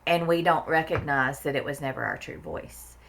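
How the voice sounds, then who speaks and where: A woman's voice: deep voice, lively intonation, normal speed, gravelly, a bit bright, a little hiss or hum. A woman talking in a casual podcast conversation, blunt and emphatic, swearing freely and repeating words for stress. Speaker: therapist guest.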